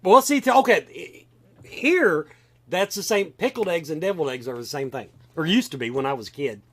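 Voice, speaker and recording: A man from Kentucky, USA, speaking with a Southern accent, hosts a casual podcast chat. His voice is slightly high and normal-paced, and he's animated, rambling and restarting often as he talks.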